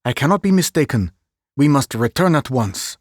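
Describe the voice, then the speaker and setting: A man voicing a fussy, vain, excitable middle-aged Belgian detective who drops French phrases, in an audiobook reading. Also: mid-range voice, normal speed, no echo, studio quality, close to an everyday voice.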